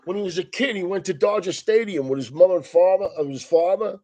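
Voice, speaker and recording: A man's voice: high voice, quick pace, dark tone. A man comedian on a casual, profane rant, swearing constantly and breaking into laughs mid-sentence.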